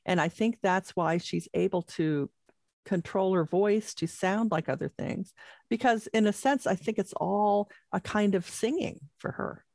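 A woman co-hosting a casual talk show in a conversational, measured way. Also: mid-range voice, vocal fry, darkish tone, no room sound. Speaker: co-host. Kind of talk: casual chat.

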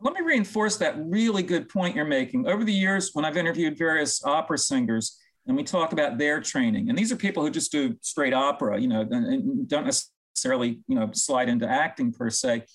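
A man with a somewhat high-pitched voice co-hosts a relaxed talk show. He talks in long, winding stretches and often restarts a thought partway through. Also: brisk, few pauses, poor audio. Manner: talkative, long-winded, self-correcting. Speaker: co-host. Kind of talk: casual chat.

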